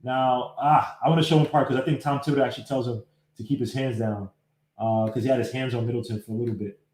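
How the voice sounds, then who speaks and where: A man hosting a casual live-streamed sports podcast, breaking down game clips and greeting viewers by name in an animated way. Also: mid-range voice, fast talker. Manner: talks while fumbling with his computer. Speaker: podcast host. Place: home setup, live streaming. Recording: echoey room.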